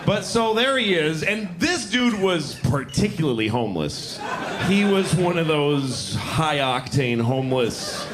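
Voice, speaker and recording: A middle-aged stand-up comedian tells a story with wry self-mockery. His voice is lively and swoops up and down, sitting a bit high for a man. The live room is noisy. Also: a little slow, a crowd in the background. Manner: wry, self-deprecating, animated.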